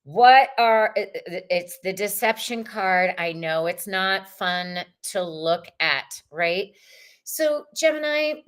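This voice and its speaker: A woman hosting a livestreamed tarot reading, chatty and expressive, greeting viewers in the chat as she pulls cards. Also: medium pitch. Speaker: tarot reader.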